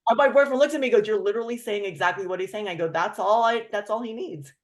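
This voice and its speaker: A woman hosts a relaxed conversation, spinning a story with animated flair. She slips into the voices of the people she quotes. Her voice sits at a middle pitch. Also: fast. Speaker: host. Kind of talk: casual chat.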